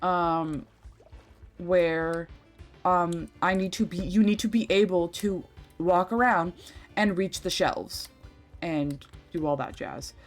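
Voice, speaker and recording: A woman's voice: on the low side, slow, faint music behind. A young woman streaming a game, rambling and chatty, swearing freely as she talks. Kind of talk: casual livestream chat while gaming.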